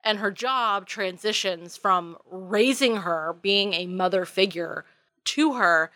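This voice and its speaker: A woman's voice: medium pitch, takes it slowly, sharp tone, no echo. A woman from New England co-hosting a casual movie review podcast, giving enthusiastic, opinionated takes and laughing often. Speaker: podcast co-host.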